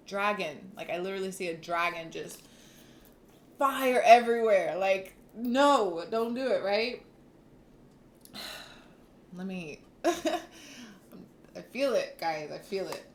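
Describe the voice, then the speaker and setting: A woman gives a loose, unscripted tarot reading, leaning hard on repeated words and the odd swear word. Her voice sits at an ordinary middle pitch. A faint hum of ambient noise is heard behind her. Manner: animated and emphatic, with repeated words and casual swearing; laughs and sighs between thoughts. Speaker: tarot reader. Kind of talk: casual tarot reading to camera.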